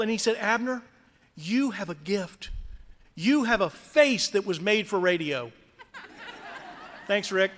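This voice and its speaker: A middle-aged man with a South Louisiana accent, giving an earnest, gently humorous prepared speech at a reception. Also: high-pitched. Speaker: scholarship recipient speaker. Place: large community center hall. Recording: reverberant hall.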